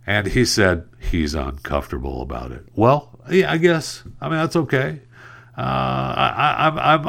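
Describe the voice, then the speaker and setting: A man's voice: fairly low pitch, a bit bright. A man hosting a solo podcast, talking through the news in a sarcastic, rambling way and tripping over words. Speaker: podcast host. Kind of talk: casual solo podcast commentary.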